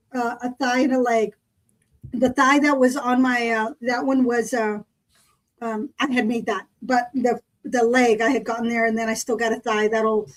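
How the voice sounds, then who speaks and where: A woman's voice: on the high side, poor audio. Chatty woman co-host. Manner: chatty storyteller, acts out quoted people. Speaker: podcast co-host. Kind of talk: casual chat.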